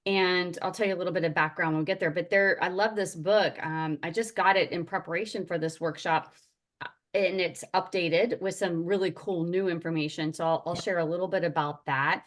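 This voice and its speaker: A woman's voice: fairly low pitch, steady tone, fairly quick. A woman yoga teacher leading an online workshop over a video call, chatty and upbeat, greeting attendees by name. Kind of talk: casual online workshop talk.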